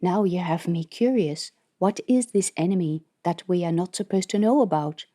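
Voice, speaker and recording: A woman's voice: lowish voice, moderate pace, mellow, natural voice. A woman voicing a flustered, earnest male space biologist in an audiobook, apologetic in tone.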